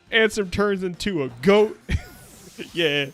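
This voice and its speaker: A man's voice: high voice, fairly bright tone. A young man, a VTuber, chatting casually while streaming a game, rambling and laughing often. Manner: rambling, chatty, laughs often, silly sing-song asides. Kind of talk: casual gameplay stream chat.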